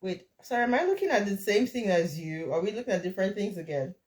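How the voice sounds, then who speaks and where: A woman's voice: medium pitch, animated, quick pace, darkish tone, roomy sound. A woman teaching French over a video call, correcting and encouraging her student. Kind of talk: online tutoring session.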